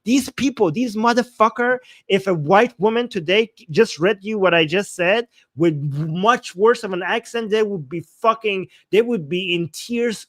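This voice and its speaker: An Iranian-accented man, a native Persian speaker, hosting a heated livestream. His voice sits fairly high for a man and sounds dry and close, with almost no room around it. He mocks and swears at his viewers in loud, angry bursts. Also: no room sound. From Iran. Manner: angry, profane, mocking, loud outbursts. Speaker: livestream host reading super chats.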